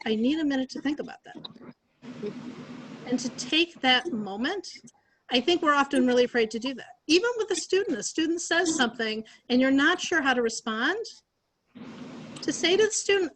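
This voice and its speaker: Woman facilitator, calm and reflective, video call, slight background noise. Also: high-pitched, low-quality recording. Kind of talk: reflective group teaching.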